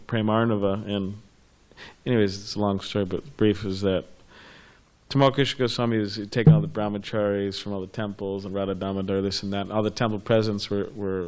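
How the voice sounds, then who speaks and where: A man's voice: lowish voice, fairly even intonation, quick pace. A man in a class, telling a story casually and rambling with fillers and restarts. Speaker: class participant.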